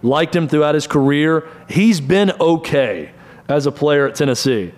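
A man's voice: fairly high pitch, lively intonation, a little mellow. Brief: male sports talk host, middle-aged, runs through stats in clipped bursts. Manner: brisk, rattles off stats in short bursts. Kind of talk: college football analysis.

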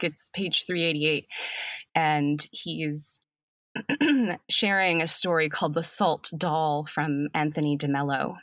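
Slow, thoughtful woman on a podcast. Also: lowish voice, no room sound. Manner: thoughtful, unhurried, laughs softly. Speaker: acting professor guest. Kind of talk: reflective podcast conversation.

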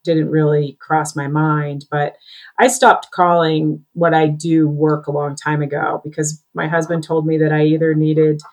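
A woman's voice: sits low, flat delivery, unhurried, darkish tone. A woman speaking reflectively in a casual conversation, hesitant and using fillers. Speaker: guest, psychic medium.

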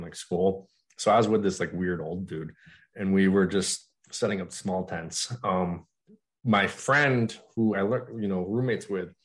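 A man in a casual podcast chat, telling in a relaxed, reflective way how he started his tent business. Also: deep voice. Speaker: tent rental business owner.

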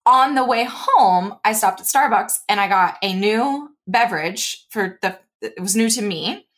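A woman co-host with a medium-pitched voice talks casually and freely. She is chatty and quick to react and laugh, moving easily from one story to the next. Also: animated, a bit bright. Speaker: podcast co-host. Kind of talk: casual chat.

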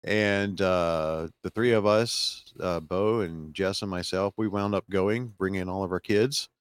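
A man's voice: low-pitched, steady tone, measured pace, clean tone, dry recording. A man with a Southern American accent, hosting a casual podcast chat and telling a rambling story full of fillers. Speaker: podcast host.

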